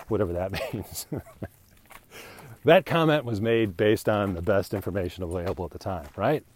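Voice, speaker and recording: A man's voice: lowish voice, darkish tone. A man hosting a podcast, rambling in a joking, self-mocking way while walking outdoors. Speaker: podcast host. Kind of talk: casual rambling monologue. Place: outdoors, walking near a new bridge.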